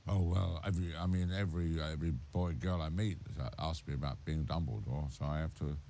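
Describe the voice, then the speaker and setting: An older Irish man answering interview questions in a relaxed, halting, offhand way. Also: rumbling low, a little hiss or hum. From Ireland. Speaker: actor interviewee. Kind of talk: casual interview chat.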